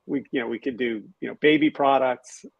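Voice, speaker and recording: A man's voice: medium pitch, steady tone, a little fast, vocal fry, no echo, narrow, tinny audio. A man hosting a casual panel discussion, wry and sarcastic, thinking aloud with restarts. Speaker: podcast host.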